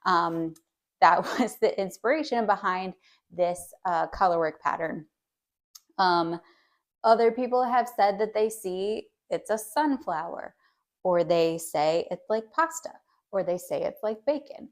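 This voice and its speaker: A woman knitwear designer chatting casually about her new pattern, relaxed and a little hesitant. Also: lowish voice, a little slow. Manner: chatty, hesitant with many ums. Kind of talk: casual vlog chat.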